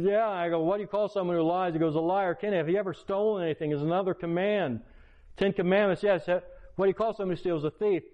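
A man, a pastor, preaching a sermon by retelling a personal story with quoted dialogue. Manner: animated retelling with quoted dialogue, pitch rising in excitement. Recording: lo-fi, dull sound.

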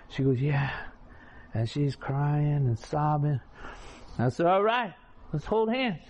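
A man's voice: on the high side, takes it slowly, long pauses, a little mellow. A man preaching a testimony, telling his story in a folksy, colloquial way and acting out the conversations. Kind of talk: preaching testimony, story told with quoted dialogue. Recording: dull lo-fi recording with faint room ambience.

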